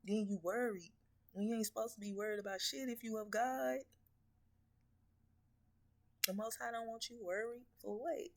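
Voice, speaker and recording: A woman's voice: fairly high pitch, steady tone, normal speed, long pauses. A woman spiritual reader delivering a blunt, profane, scolding message that is full of rhetorical questions. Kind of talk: blunt preaching message to viewers.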